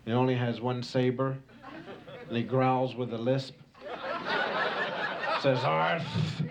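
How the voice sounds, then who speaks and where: A man voicing a scheming male saber-toothed tiger in a low, drawling, conspiratorial voice, on a hissy home tape. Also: slow, creaky. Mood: gossiping.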